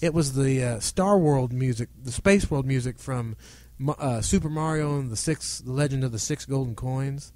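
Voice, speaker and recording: A man's voice: medium pitch, normal speed, hardly any pauses, dark tone, no echo. A man on a podcast recalling what made him cry, earnest and self-mocking. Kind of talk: casual chat.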